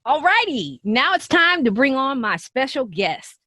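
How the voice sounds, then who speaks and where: Lively, expressive woman podcast host. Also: high-pitched, unhurried, dry recording. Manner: upbeat, playful, laughs often. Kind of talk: casual podcast chat.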